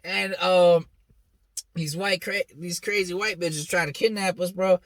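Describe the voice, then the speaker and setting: A young man with a high, bright, edgy voice tells a wild story straight to the listener. He's blunt and swears constantly, and he jumps into the quoted lines with sudden shouts. The sound is dry and close. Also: measured pace, no echo. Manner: blunt, heavily profane, animated. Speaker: host. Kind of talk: casual storytelling monologue.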